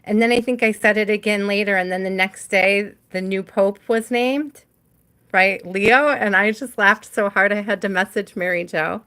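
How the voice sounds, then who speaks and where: A woman's voice: medium pitch, normal speed, a bit bright. A woman hosting a live tarot stream, reading cards for viewers by name in a chatty way and laughing often.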